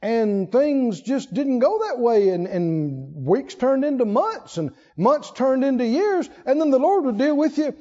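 Animated high-voiced preacher in a reverberant hall. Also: male voice, unhurried, hardly any pauses. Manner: animated, swinging between high emphatic bursts and low quiet asides; acts out quoted prayers and God's words in raised voice. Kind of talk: sermon. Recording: dull lo-fi sound with long hall reverb.

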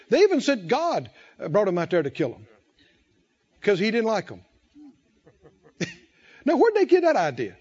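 A man preaching a sermon, drawing the congregation in with questions and emphatic, drawn-out phrases. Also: sits high, wildly swooping pitch, a little mellow, highs cut off. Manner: call-and-response preaching, rising and falling emphasis, drawn-out phrases.

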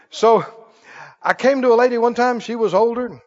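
High, lively-voiced male preacher. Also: a little fast. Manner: storytelling with rhetorical questions, laughing at himself. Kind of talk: sermon. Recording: dull audio with long reverb in a hall.

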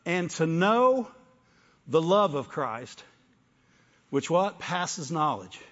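A man's voice: a little high, sing-song, slow. Older man preaching in a reverberant hall. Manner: call-and-response preaching, rising to fervent peaks; drops into soft storytelling. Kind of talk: sermon. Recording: dull sound with long hall reverb.

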